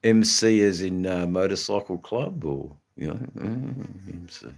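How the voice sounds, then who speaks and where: A Western Australian man hosting a casual motorcycle live stream, rambling and halting with many fillers. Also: low voice, animated, creaky, darkish tone. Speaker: motorcycle channel host. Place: indoors in front of a flag backdrop. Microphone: phone.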